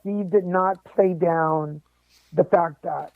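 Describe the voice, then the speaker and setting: A man with a high voice tells a personal story as a podcast guest, animated and quick to joke. The sound is thin and phone-like, with a dry, close feel. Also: gravelly, no room sound. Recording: tinny phone-like line, dry.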